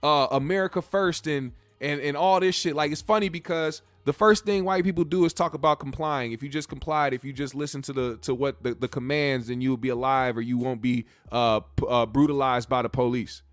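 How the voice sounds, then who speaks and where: A man's voice: medium pitch, steady tone, fairly quick, few pauses, dry recording, soft background music. A male podcast host ranting in a blunt, profane, heated way. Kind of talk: casual opinion rant.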